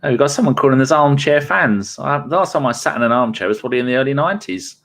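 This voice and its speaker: A man's voice: medium pitch, lively intonation, fast talker, a bit bright. A man hosting a live football podcast, reading out chat comments in a laid-back way, swearing and laughing often.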